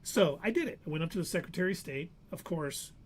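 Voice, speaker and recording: A man's voice: fairly high pitch, quick pace, a little hiss or hum. A man on a live show casually telling a long anecdote, acting out the people in it. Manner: animated anecdote teller, acts out quoted voices. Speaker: podcast co-host. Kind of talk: casual storytelling chat.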